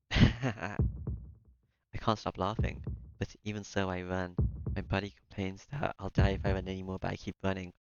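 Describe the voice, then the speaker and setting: A man's voice: low-pitched, little pitch movement, normal speed, muffled recording, background noise. A man reading a visual novel aloud in the first person, breaking off now and then for joking asides. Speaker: let's-play streamer.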